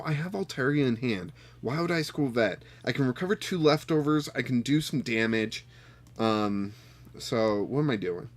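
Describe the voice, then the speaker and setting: A man giving live gameplay commentary on a card game, talking to his opponent with exasperated outbursts and quiet muttered counting. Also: mid-range voice. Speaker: card game player and streamer.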